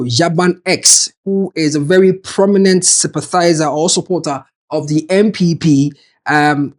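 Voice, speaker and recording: A man reading online comments aloud and answering them in a casual, sarcastic commentary. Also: sits high. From Ghana. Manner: animated, sarcastic, swings between loud and quiet asides. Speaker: media personality.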